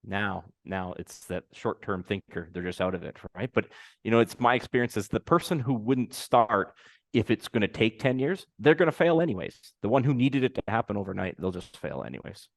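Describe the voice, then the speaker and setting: A man with a fairly low voice gives business advice on a podcast, talking fast and peppering his points with "you know". The sound is dry and close. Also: expressive, creaky, dry recording. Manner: quick, repeats "you know" while explaining. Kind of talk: conversational advice.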